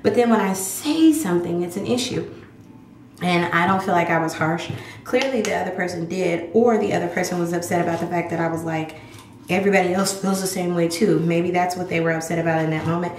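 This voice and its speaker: Woman in her 30s vlogging a story, kinda low voice, roomy echo and noise behind. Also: fairly quick. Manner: candid, emphatic, acts out quoted voices. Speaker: vlog host. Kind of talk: personal storytelling to camera. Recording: echoey room with clear background noise.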